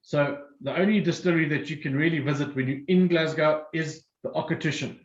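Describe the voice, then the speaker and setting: A man's voice: on the high side, fairly quick, roomy sound, dull audio. Man guiding a whiskey tasting. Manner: informative, explains step by step. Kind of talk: guided tasting talk.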